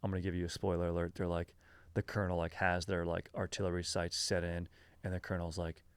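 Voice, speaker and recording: A man's voice: low voice, flat delivery, fast talker, clear, resonant tone, no room sound. A man hosting a podcast, telling a history story in a rambling, slangy, casual way full of fillers. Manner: rambling, filler-heavy, slangy, says dude and bro.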